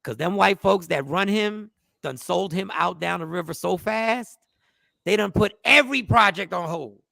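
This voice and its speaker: A man with a high, gravelly voice talks in a casual chat and tells his stories with lots of animation. His tone is bright and forceful, and now and then he bursts out in a shout. The recording is dry and close. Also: normal speed, dry recording. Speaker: podcast co-host.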